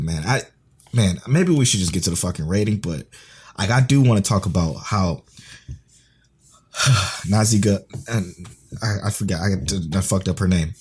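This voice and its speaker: A man's voice: lowish voice, darkish tone, husky. A man co-hosting a podcast, talking in an emphatic, rambling, profane casual chat. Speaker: podcast co-host.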